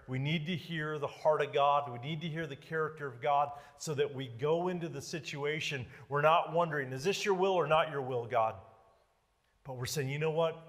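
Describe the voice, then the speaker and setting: Impassioned preacher in a reverberant hall. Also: male voice, fairly high pitch, normal speed. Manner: dramatic, swings from loud to hushed. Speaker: pastor. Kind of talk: sermon. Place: church sanctuary.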